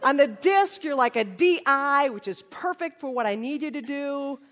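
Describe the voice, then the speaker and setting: A woman voicing God as a hyped, slangy male coach giving a shouted pep talk, in a reverberant hall. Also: high voice, animated, moderate pace.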